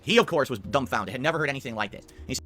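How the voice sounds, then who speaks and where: A man's voice: medium pitch, expressive, racing, sharp tone, faint music behind. A man streamer ranting to his camera, insistent and repetitive.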